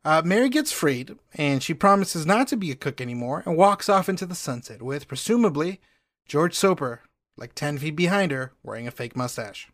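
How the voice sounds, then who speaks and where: A man's voice: fairly high pitch, sing-song, moderate pace, a bit bright, no room sound, clean studio sound. A man co-hosting a comedic chat, jokey, profane and playful as he tells a story. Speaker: podcast co-host.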